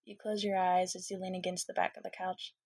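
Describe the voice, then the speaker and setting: A woman narrates a second-person fan fiction story in a relaxed, low-key way. Her voice is husky with a gravelly edge, and the recording is dry and close, with no room sound. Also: a little fast, no room sound.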